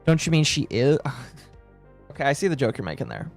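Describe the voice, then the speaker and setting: A woman's voice: sits low, lively intonation, a little fast. A woman streamer talking casually to her live chat, rambling and repeating herself with frequent laughs. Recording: dry close mic with background music.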